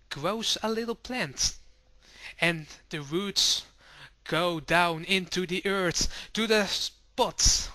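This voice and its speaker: A man narrates a fairy tale for children with a bright, sharp voice that sits high. He takes his time over each phrase and puts on lively voices for the townsfolk, in a dry, close recording. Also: dry recording. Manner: slow, expressive, puts on villagers' voices. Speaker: storyteller. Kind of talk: storytelling to children.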